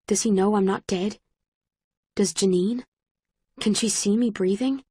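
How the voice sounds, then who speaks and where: A woman's voice: medium pitch, fairly even intonation, dark tone, breathy edge, dry recording. Woman narrating an audiobook, dry and close. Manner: measured, present-tense storytelling. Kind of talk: first-person scripted narration.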